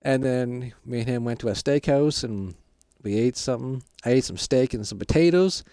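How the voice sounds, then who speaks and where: A man playing a goofy, excitable dad just out of prison in a Minecraft role-play, rambling on. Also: medium pitch, normal speed, no room sound, clean studio sound. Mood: excited.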